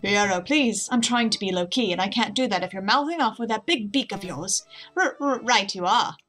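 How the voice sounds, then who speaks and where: A woman voicing a secretive, composed male bird rebel in a game, speaking in a guarded, measured way. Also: medium pitch, lively intonation, fairly bright tone, faint music behind, rough recording. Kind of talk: game dialogue read aloud.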